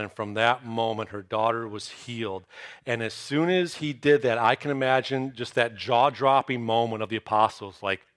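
A man preaching a sermon, telling a Bible story with lively storytelling and acted-out reactions. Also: medium pitch, moderate pace. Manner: animated storytelling, acts out disciples' reactions. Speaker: pastor.

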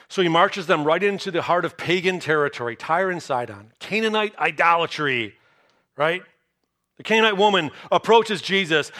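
Bright-voiced animated male preacher. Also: high-pitched. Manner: animated storytelling, acts out disciples' reactions. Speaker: pastor. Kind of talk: sermon.

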